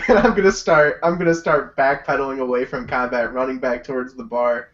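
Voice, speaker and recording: A man playing a tabletop role-playing game, who talks in a quick, chatty way full of questions. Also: mid-range voice, steady tone, fairly bright tone. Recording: dull lo-fi home recording.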